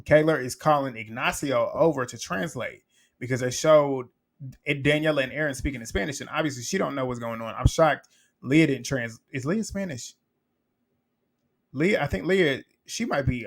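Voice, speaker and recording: A man with a medium-pitched, mid-range voice recaps a reality show episode at a moderate pace in loose, casual commentary. He's blunt and unfiltered, cursing freely and cracking up as he acts out the quotes.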